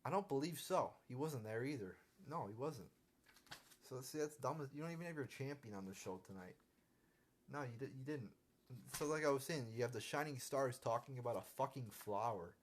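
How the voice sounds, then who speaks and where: A man's voice: medium pitch, lively intonation, fairly quick. A young man ranting casually on a live stream, profane and irritated, full of restarts and stumbles. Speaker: wrestling commentary vlogger.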